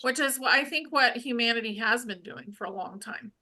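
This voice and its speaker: A woman co-hosts a relaxed spiritual conversation in a sharp, bright voice pitched a little high. She is earnest and candid, and she shares from her own life. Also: a little fast. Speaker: spiritual healing podcast co-host. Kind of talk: casual spiritual chat.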